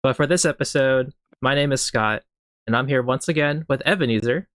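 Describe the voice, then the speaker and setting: A man's voice: medium pitch, a little fast, a bit bright, no echo, clean studio sound. A young man hosting a casual podcast with friends, playful and joking, laughing between lines. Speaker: podcast host. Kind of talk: casual chat among friends.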